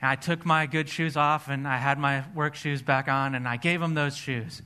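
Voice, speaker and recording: A man's voice: on the high side, fairly even intonation, normal speed, sharp tone, clean tone. A man preaching a sermon, telling a personal testimony in an earnest storytelling way. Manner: earnest storytelling, acts out his own past dialogue.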